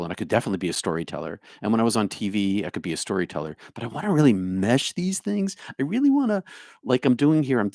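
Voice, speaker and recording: A man's voice: on the low side, a little mellow, no room sound, clean studio sound. A middle-aged man with a New Jersey accent, a spiritual speaker answering his live chat by name, musing and humming to himself. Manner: musing, talks to viewers by name, hums to himself. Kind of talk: livestream chat reply.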